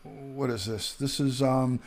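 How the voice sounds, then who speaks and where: A man's voice: mid-range voice, fairly even intonation, takes it slowly, gravelly, darkish tone. A middle-aged man hosting a live stream, ranting with outrage, emphatic, often repeating himself and restarting sentences. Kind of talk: heated live-stream rant.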